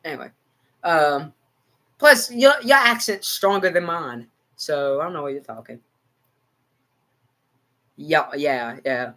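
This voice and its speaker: A slightly high, sharp-toned male voice, measured in pace and pausing often. He's a livestream sports reactor with an American country accent, giving rambling, repetitive football commentary and chatting with viewers.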